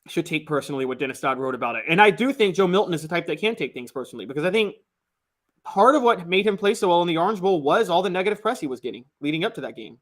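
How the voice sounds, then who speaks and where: A man's voice: fairly high pitch, a bit bright. A man co-hosting a casual sports talk show, opinionated and joking as he argues his takes.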